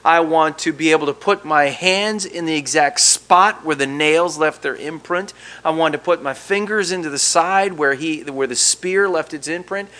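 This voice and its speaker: A man's voice: on the high side, normal speed, bright, forceful tone. A man voicing the apostle Thomas, an earnest, pleading man who longs to see his teacher again. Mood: yearning.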